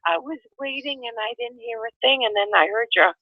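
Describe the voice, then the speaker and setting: A hoarse woman calling in to a radio show and asking a question in a halting, soft way. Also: fairly high pitch, no echo. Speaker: caller. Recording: tinny phone line.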